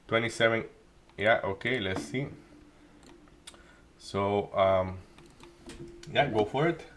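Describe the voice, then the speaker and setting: A man doing live trading commentary, thinking aloud with many restarts and halting phrases. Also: on the low side, a bit bright, slight background noise. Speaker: day trading streamer.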